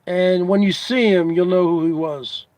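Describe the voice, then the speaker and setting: A man hosting a casual comedy show, asking his audience teasing questions over and over in a drawn-out way. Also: high-pitched, steady tone, darkish tone, no room sound. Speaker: host.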